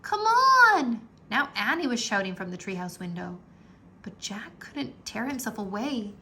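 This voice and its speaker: A woman reading a children's book aloud in a slow, animated storytelling manner, with a gravelly edge. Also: mid-range voice. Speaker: read-aloud narrator.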